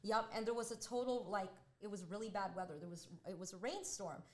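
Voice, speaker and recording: A woman's voice: medium pitch, brisk. Chatty woman telling a story. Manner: chatty, animated, many "like" fillers. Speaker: co-host. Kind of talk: casual podcast storytelling. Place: restaurant.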